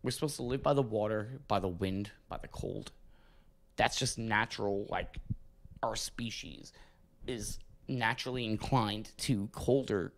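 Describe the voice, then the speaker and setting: A man's voice: lowish voice, a little slow. A man hosting a podcast, telling crude stories in a rambling, profane, casual way. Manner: rambling, profane, animated storytelling. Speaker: podcast host.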